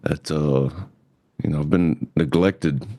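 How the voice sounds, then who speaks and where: A man with a notably low, deep voice hosts a casual podcast conversation. He talks candidly, swearing now and then, about personal pain. The sound is dry and close. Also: fairly even intonation, takes it slowly, dark tone, dry recording. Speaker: podcast host.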